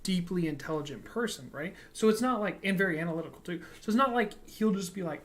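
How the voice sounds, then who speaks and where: A man co-hosting a reaction livestream from home, talking in an animated, joking way and swearing freely. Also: fairly high pitch, quick pace, few pauses, a little hiss or hum. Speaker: co-host of reaction stream. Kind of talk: casual livestream chat.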